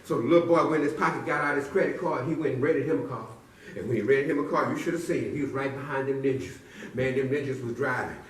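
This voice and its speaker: A man's voice: medium pitch, fast, slight background noise. A man telling a silly story to a live audience with playful call-and-response build-ups. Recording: echoey room from far off.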